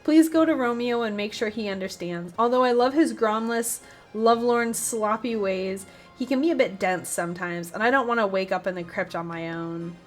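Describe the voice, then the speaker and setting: A woman's voice: mid-range voice, moderate pace, soft background music, close to an everyday voice. A woman reading the part of a young noblewoman planning an escape, earnest and a little dramatic, in a game quest. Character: young noblewoman, scheming and hopeful.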